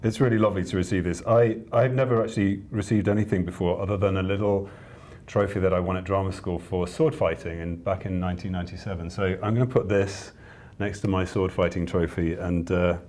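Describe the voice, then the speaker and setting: A British actor, a man, in a casual interview, speaking with a hesitant, halting manner and many fillers. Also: low-pitched, fairly even intonation, darkish tone. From Britain. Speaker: actor receiving an award.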